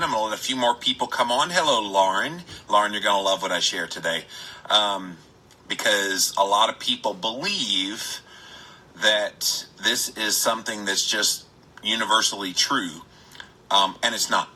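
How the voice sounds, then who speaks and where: A man hosting a live stream, chatting with viewers, greeting them by name and stressing words with drawn-out emphasis. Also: lowish voice, bright, forceful tone, breathy edge, low-quality recording. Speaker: health podcaster.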